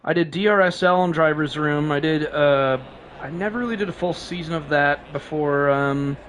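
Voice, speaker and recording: A man's voice: on the high side, moderate pace, a bit bright. A man streaming a racing game live, chatting casually and rambling with frequent laughs, sleep-deprived and coughing.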